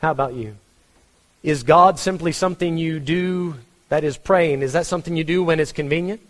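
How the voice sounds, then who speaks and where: A man's voice: fairly high pitch, steady tone, fairly quick, big-room sound. A man with a Texan accent preaching a conversational sermon, asking his congregation questions. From Texas. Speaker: pastor.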